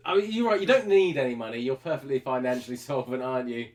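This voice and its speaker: A man's voice: medium pitch, fast, a little mellow. A man hosting a casual live stream, teasing and bantering crudely. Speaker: stream host.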